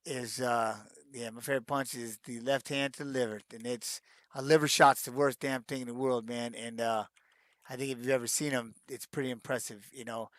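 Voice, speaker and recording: A man's voice: medium pitch, steady tone, fairly quick, fairly bright tone, no room sound. A middle-aged man speaks in a plain mid-range voice, recorded close and dry with no room sound. He rambles through fan questions in a casual stream chat, restarting his sentences and dropping in "man" and "you know." He sounds like a retired fighter looking back on his career.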